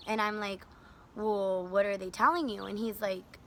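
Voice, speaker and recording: A young woman telling a rideshare story in a casual vlog, animated and profane, acting out her own and her passenger's lines. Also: medium pitch, normal speed, a little hiss or hum.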